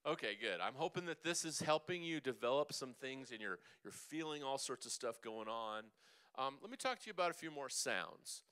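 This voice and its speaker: A man's voice: medium pitch, animated, normal speed, sharp tone, smooth. A man coaching a group through breathing and humming exercises, upbeat and coaxing, demonstrating the sounds himself. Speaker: vocal coach. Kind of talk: leading a group vocal workshop. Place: church hall.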